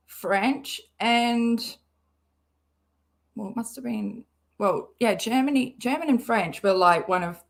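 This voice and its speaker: A woman doing casual live-stream commentary, sarcastic and rambling, who swears freely. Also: mid-range voice. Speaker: livestream commentator.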